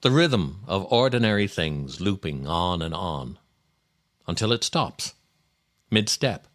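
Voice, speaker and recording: A podcast host reads his own essays aloud in a slightly low voice, with a wry, dry humor. His delivery rises and falls freely, and his storytelling is unhurried and reflective. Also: expressive, fairly bright tone.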